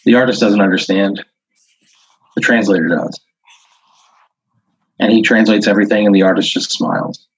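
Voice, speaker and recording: A man improvising a comic tabletop story as game master, halting and rambling as he narrates. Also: on the low side, fairly even intonation, husky, no room sound. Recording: dull, dry lo-fi audio.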